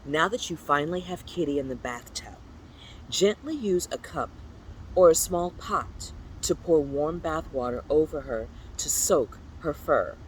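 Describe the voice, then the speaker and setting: Children's book read-aloud, playful storyteller, lively swooping pitch, faint background noise. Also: a little slow, rough recording. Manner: playful, animated read-aloud with high squeaky exclamations.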